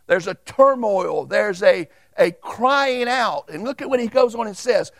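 A man, preaching a sermon as a Baptist pastor and reading scripture aloud with emphatic pauses. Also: high-pitched, lively intonation, gravelly, a bit bright, dry recording.

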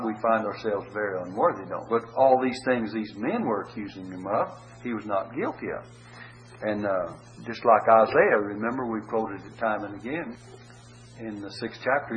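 An older man teaching from the Bible, reading verses slowly, then putting them in plain folksy words. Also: medium pitch. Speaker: preacher. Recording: dull lo-fi recording with faint hum.

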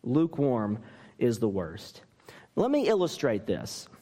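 A man's voice: medium pitch, huge pitch swings, a little slow, dark tone, long reverb tail. A man, a pastor, preaching a sermon and telling stories with self-deprecating humor.

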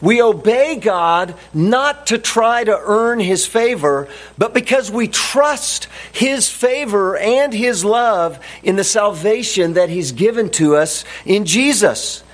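A man preaching a sermon as a pastor, deliberate and emphatic, repeating his key phrases. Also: high voice, animated.

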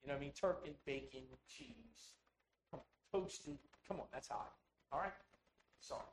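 A man preaching a sermon, telling rambling personal stories full of quoted dialogue in an animated way. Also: on the high side, moderate pace, noisy background. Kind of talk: sermon storytelling.

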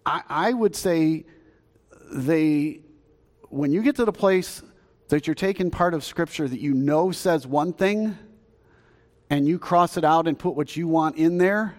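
A man's voice: a little high, a little slow, long pauses, a little mellow. A man with a Southern US accent preaching a sermon as pastor, in a folksy, conversational way that asks the congregation questions. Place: church sanctuary. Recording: long hall reverb.

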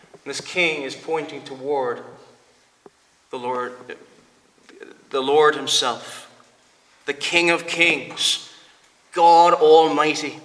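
A man delivers a sermon with a bright, forceful, fairly high voice. He speaks emphatically, repeats key phrases and draws out words for weight. His voice rings with a long church reverb. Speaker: preacher.

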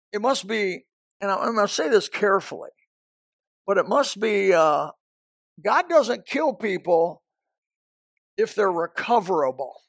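A man's voice: high-pitched, sing-song, unhurried, gravelly, long pauses, fairly bright tone, no room sound, clean studio sound. A man preaching a sermon as a pastor, emphatic and repetitive, often restarting his sentences.

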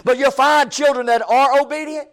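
High-voiced preacher, emphatic. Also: male voice, steady tone, normal speed. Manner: repetitive, emphatic preaching cadence. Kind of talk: sermon. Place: church.

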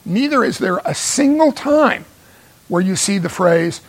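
A man's voice: high voice, lively intonation, a little slow. A man preaching a sermon, pressing his points with repeated phrases and rhetorical questions. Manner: emphatic, repeats phrases for stress.

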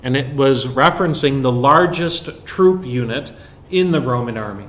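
A man's voice: medium pitch, fairly bright tone. Earnest man preaching a sermon. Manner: earnest expository preaching with frequent "uh" pauses.

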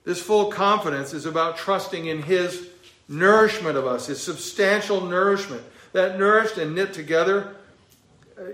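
A man's voice: high-pitched, a bit bright. A pastor preaching an expository sermon in a conversational way, asking rhetorical questions of his congregation. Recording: echoey room.

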